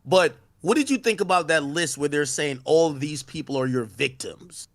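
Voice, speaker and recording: A man's voice: fairly high pitch, animated, moderate pace. A man interviewing a guest on a casual stream, stammering through his questions with many restarts.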